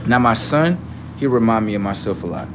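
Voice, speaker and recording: A middle-aged man rambling profanely to his livestream about his kids, acting out what they say in lively quoted voices. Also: fairly low pitch, fairly quick, a little hiss or hum. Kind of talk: casual monologue to a livestream audience.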